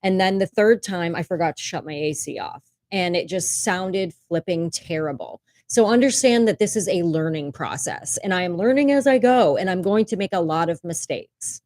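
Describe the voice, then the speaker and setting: Woman, livestream host at home; low-ish, dry, candid and chatty. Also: expressive, moderate pace, few pauses, darkish tone, dry recording. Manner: candid and chatty, swears casually, laughs often. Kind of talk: casual livestream chat. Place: home room. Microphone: desk microphone.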